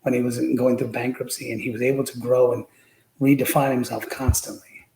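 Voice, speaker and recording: A man's voice: medium pitch, fairly quick, creaky, echoey room, a little hiss or hum, rough recording. A man talking as a podcast guest, telling stories with animation and acting out the quotes. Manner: animated storyteller, acts out quotes. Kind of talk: casual political chat.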